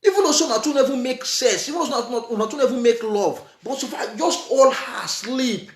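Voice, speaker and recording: High-voiced Nigerian man preaching advice. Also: normal speed. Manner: earnest, repetitive, mixes in Nigerian Pidgin, breaks into laughter. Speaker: vlogger giving relationship advice. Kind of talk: casual preachy monologue. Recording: echoey room.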